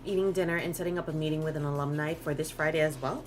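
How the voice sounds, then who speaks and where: A woman's voice: low voice, fairly even intonation, fast talker, slight background noise. A woman artist chatting casually on a live stream as she draws, rambling, restarting sentences and swearing freely. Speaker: artist streaming while drawing.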